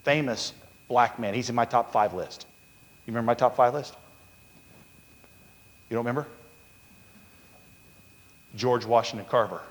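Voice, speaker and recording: Preaching at a moderate pace with frequent pauses, this pastor tells stories and raises his voice to act out those he quotes. He has a medium-pitched voice, and a long reverb tail follows it.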